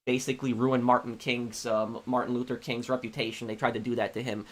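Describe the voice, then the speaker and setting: A man streaming a game, chatting casually and answering super chats in a halting, opinionated, rambling way. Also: medium pitch, little pitch movement, slight background noise. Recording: game sounds with horses behind.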